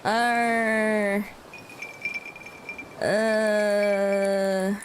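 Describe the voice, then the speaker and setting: A woman streamer in a casual chat livestream, playful and giggly, laughing often and trailing off with drawn-out fillers. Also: medium pitch, little pitch movement, background noise. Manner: drawn-out, hesitant with many fillers.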